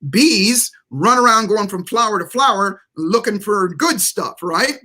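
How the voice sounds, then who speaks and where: A man's voice: high-pitched, unhurried, pushed and bright. A man speaking as a guest motivational speaker on a live interview show, emphatic and preacherly, repeating key words for stress.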